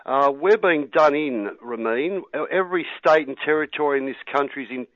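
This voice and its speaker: A man's voice: a little high, moderate pace, fairly bright tone, dry recording, dull audio. An Australian man calling in to a radio show, earnest and rambling, often saying mate. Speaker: caller. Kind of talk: call-in radio talk.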